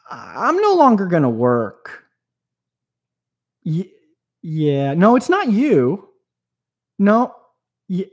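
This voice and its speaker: A man's voice: high voice, darkish tone, exaggerated voice. A man voicing a hesitant male employee who stammers sheepishly on a phone call.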